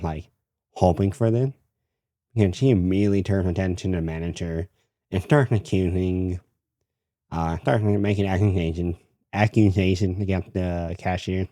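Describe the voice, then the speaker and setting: A man's voice: low-pitched, warm tone, no echo. A young man casually telling a story from his retail job, rambling with many fillers.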